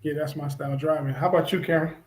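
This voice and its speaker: A man co-hosting an online talk show, relaxed and easygoing, with lots of fillers. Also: fairly high pitch, quick pace. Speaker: co-host.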